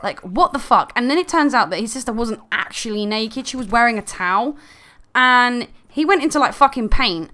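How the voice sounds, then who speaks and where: A woman's voice: a little high, expressive, normal speed, pushed and bright. A woman ranting in an angry, sarcastic commentary video full of swearing.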